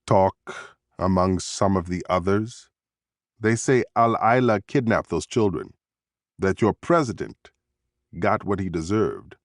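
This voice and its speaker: A man's voice: low voice, lively intonation, a little slow, no room sound, studio quality. A man reading an audiobook voicing a guarded female detainee with a thick Saudi accent, speaking in terse, clipped phrases. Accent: Saudi Arabic.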